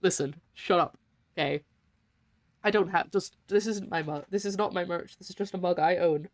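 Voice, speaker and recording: A woman's voice: on the low side, moderate pace, dry recording. Giggly rambling woman streamer. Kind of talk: casual game commentary.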